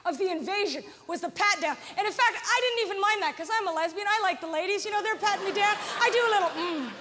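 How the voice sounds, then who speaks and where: Middle-aged woman comic, very high voice, ranting stand-up set on a festival stage, echoing hall. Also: fast. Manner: animated, ranting, mimics voices. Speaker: stand-up comedian. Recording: live hall with reverb and audience noise.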